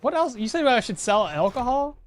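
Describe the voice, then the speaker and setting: Chatty high-voiced male game streamer. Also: sing-song, a little fast, faint music behind. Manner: rambling, self-correcting, chatting with viewers. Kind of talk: casual gameplay commentary.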